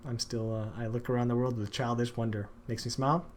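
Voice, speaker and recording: A man's voice: mid-range voice, steady tone, quick pace, darkish tone. A man, a father, hosting a stream and ranting emphatically about food with lots of swearing. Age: adult father. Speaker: streamer, show host. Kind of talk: casual profane chat.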